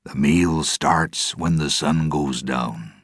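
A man doing a grave, quiet old sailor. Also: a bass voice, takes it slowly, breathy edge, no room sound, studio quality, full character voice. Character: grim older sailor, quiet and serious.

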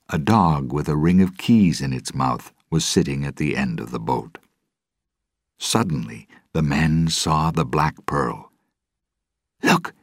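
Very deep, slow male storyteller. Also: dry recording, studio quality. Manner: slow, clear, expressive. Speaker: narrator. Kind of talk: audiobook narration of a graded reader.

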